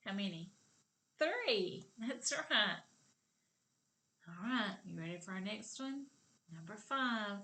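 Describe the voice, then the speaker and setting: A woman with a Southern American accent teaching a kindergarten video lesson, speaking slowly and encouragingly and stretching sentences out word by word. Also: fairly high pitch, animated, heavy background noise. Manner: slow, drawn-out, encouraging, claps words aloud.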